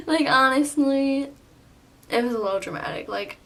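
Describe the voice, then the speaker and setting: A woman in her twenties telling a storytime vlog, animated and full of "like", with some swearing. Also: on the high side, moderate pace, far from the mic. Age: 20s. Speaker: vlogger.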